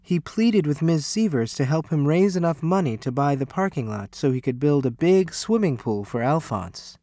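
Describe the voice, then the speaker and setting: A man reading a children's picture book aloud as storyteller, unhurried and expressive. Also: on the high side.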